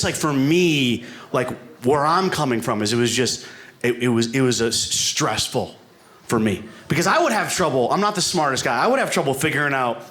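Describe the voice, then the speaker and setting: A man's voice: medium pitch, a bit bright. A man doing a stand-up routine, talking in a rambling, self-deprecating way and leaning on filler words. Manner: rambling, self-deprecating, full of "like" and "you know". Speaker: stand-up comedian. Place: comedy club stage with a live audience. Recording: live room with audience noise.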